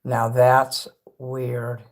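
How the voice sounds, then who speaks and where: A man's voice: mid-range voice, monotone, extremely slow. A man chatting loosely with his viewers on a livestream, rambling and swearing. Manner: rambling and profane, talks straight to chat. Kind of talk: casual livestream chat with viewers. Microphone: phone.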